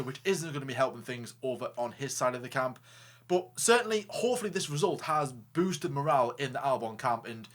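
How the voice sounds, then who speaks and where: A man co-hosting a casual racing talk show, joking, animated and stumbling over restarts. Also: fairly high pitch. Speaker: co-host. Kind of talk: casual chat.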